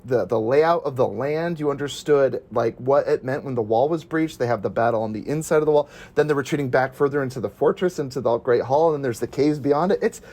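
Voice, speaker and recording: A man's voice: medium pitch, a little mellow. A man chatting casually about a movie, gushing with enthusiasm and filling his talk with "like". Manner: enthusiastic, gushing, heavy use of "like". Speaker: podcast panelist.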